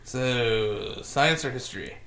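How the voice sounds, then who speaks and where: A man co-hosting a podcast, telling a science story in a joking, animated way. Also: mid-range voice, takes it slowly, gravelly. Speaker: podcast co-host. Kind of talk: casual chat, news segment.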